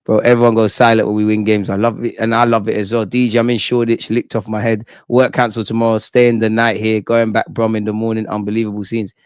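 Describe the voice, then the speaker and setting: A young man hosting a live football reaction stream, excitable and slangy, swearing and reading chat aloud. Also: lowish voice, fast talker, few pauses, clear, resonant tone, no echo, studio quality. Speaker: football fan channel host.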